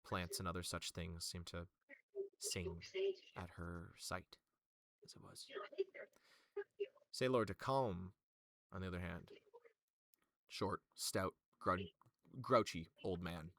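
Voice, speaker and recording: A man's voice: sits low, slow pace, pauses often, fairly bright tone, no room sound. A man narrating as game master in a tabletop game, describing scenes with many fillers.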